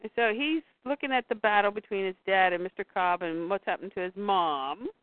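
A woman's voice: medium pitch, brisk, no echo. A woman co-hosting a casual chat, retelling comic scenes and reading the dialogue aloud. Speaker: comics podcast co-host. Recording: tinny phone-like line, dry.

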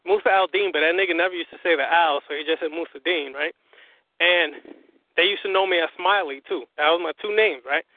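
A man, a guest on a call-in interview, telling his story in an animated, profane way and acting out what others said. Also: fairly high pitch, fairly quick. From US Northeast. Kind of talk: casual phone interview. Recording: tinny phone line.

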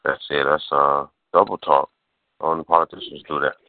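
A man's voice: very deep voice, steady tone, normal speed, no room sound. A man talking on a radio show in a blunt, emphatic way, swearing freely. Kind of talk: casual radio talk. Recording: dry tinny phone line.

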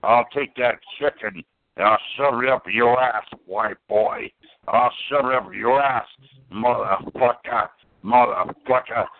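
A man's voice: medium pitch, measured pace, vocal fry. A man using a voice changer, taunting and repeating insults in a voice chat. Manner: taunting, repetitive. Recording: tinny phone-like line.

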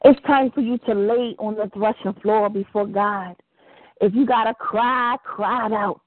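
A woman's voice: mid-range voice, fairly even intonation, measured pace, no echo. A woman preaching and praying fervently, rising into impassioned pleading. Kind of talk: preached prayer broadcast. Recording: tinny phone line.

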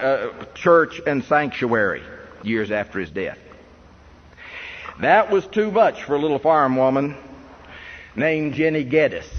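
A man preaching an earnest history sermon to a congregation, emphatic and posing rhetorical questions. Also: a little high. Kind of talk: sermon lecture on church history. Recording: dull reverberant hall recording with faint noise.

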